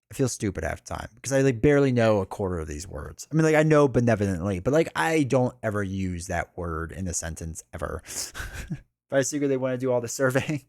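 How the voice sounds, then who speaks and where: A man's voice: medium pitch, creaky, darkish tone, dry recording, studio quality. A man streaming a live card game playthrough, chatting casually, reading the story aloud and joking about himself. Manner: chatty, self-deprecating, laughs often.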